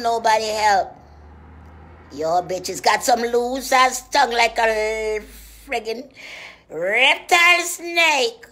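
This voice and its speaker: A woman doing a profane comic rant in a preacher's manner, dropping to hushed whispers and rising to loud shouts. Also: on the high side, lively intonation, slow pace. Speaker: comedian.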